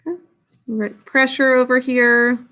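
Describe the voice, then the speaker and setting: A woman's voice: sits high, little pitch movement, normal speed, sharp tone, clean tone. A woman science teacher giving a recorded lesson, patiently explaining step by step with small fillers.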